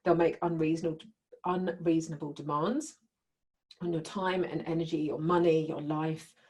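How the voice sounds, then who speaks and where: Woman workshop leader with a low, warm voice; conversational and keeps checking in with the group. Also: fairly even intonation, moderate pace. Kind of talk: teaching a live group.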